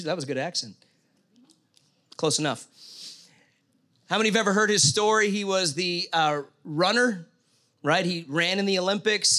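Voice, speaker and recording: A middle-aged pastor preaches a conversational sermon in a high, pushed, bright voice. He tells a story and asks his listeners questions.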